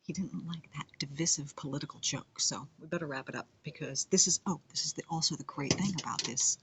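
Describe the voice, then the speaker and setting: A playful, self-mocking comedian and musician rambles through a casual monologue, often dropping into whispers. The voice has a gravelly, fry-laden texture at a middle pitch, with faint noise behind it. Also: fairly quick.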